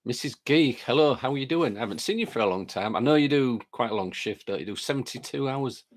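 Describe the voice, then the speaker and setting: A man's voice: mid-range voice, expressive, fast. A man hosting a live stream, chatting casually and greeting viewers by name while reading their comments aloud, with a lingering chest cold.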